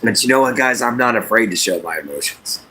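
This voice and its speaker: Halting man chatting with viewers. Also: medium pitch, expressive, sharp tone, husky. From Southeast Texas. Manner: unhurried, halting, many fillers, talks to chat by name. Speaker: livestream host. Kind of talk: casual chat with viewers.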